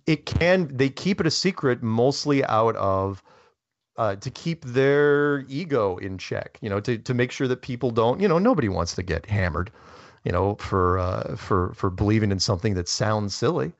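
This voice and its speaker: A man telling casual anecdotes as a talk-show guest, rambling and animated, acting out the people he quotes. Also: medium pitch, normal speed, no echo. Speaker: guest speaker. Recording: dull lo-fi audio.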